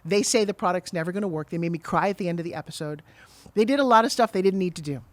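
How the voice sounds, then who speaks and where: Fast-talking animated middle-aged woman. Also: lowish voice, no room sound. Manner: fast, animated storyteller who acts out quotes. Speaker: guest, TV pitch saleswoman. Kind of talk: storytelling in a podcast interview.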